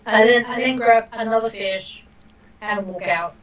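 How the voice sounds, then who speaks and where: A woman's voice: on the high side, unhurried, a bit bright, dull audio. A woman playing a tabletop game, speaking hesitantly with some stammers. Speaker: player. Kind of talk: casual tabletop play.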